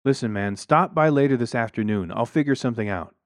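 A man voicing a laid-back male neighbor keen on feng shui, earnest and mellow, who keeps saying "man". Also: medium pitch, lively intonation, brisk, no room sound, studio quality, close to an everyday voice.

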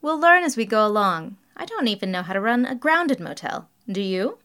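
A brash, eager young man, as a woman reading puts him on, rushing ahead with blunt, impatient remarks. His voice springs up and down with lively energy. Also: mid-range voice. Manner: impatient, blunt, name-calling.

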